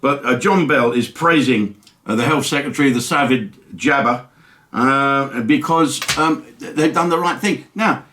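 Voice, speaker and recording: A man's voice: medium pitch, a little slow, fairly bright tone. A man from England, a comedian hosting his own show in a casual, rambling, mocking monologue. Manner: chatty, mocking, rambling asides. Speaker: comedian host.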